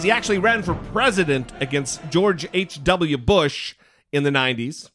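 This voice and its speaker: A man's voice: on the high side, moderate pace, over music. A man co-hosting a casual podcast, joking and swearing freely. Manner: profane, joking, animated. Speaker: podcast co-host.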